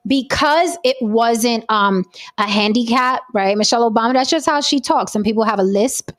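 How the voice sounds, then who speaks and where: A woman's voice: a little high, moderate pace. Blunt, opinionated woman host. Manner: blunt, opinionated, swears casually. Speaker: podcast host. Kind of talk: casual chat.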